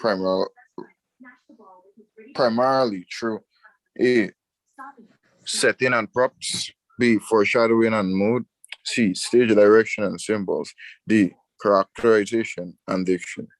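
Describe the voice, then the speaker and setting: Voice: mid-range voice, steady tone, slow, long pauses, no echo. A student reading exam questions aloud, carefully, stumbling over some words.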